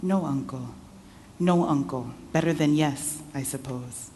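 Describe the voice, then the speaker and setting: A woman voicing a middle-aged uncle, drunk and grieving, his words slurred and turning from soft to angry. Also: low-pitched, measured pace, slight background noise. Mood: soft, probing. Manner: slurred, shifting between soft and clenched.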